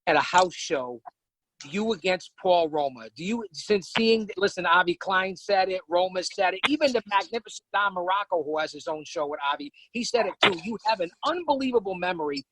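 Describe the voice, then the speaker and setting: A man's voice: high-pitched, lively intonation, brisk, fairly bright tone, low-quality recording. A man hosting a podcast, reading from his notes and emphatically quizzing his co-host. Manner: emphatic, addresses guest by surname. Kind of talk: interviewing from notes.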